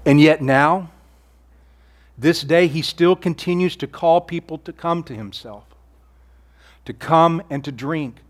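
Male pastor, sermon delivery, slightly high voice, earnest and conversational with hushed emphasis. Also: a little slow, long pauses. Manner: earnest preaching, rhetorical questions, drops to near-whisper on key lines.

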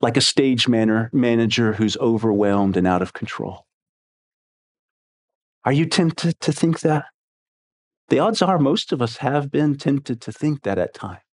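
A man preaching a sermon in an animated, expressive way, swinging between excited bursts and quiet, hushed passages. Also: mid-range voice, a little slow, long pauses. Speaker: pastor.

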